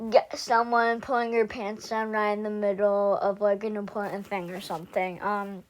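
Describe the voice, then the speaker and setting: A young woman reacting in casual chat, slow and hesitant, with many fillers. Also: mid-range voice, flat delivery. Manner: slow, hesitant, keeps saying "oh my goodness". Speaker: co-host reacting to stories.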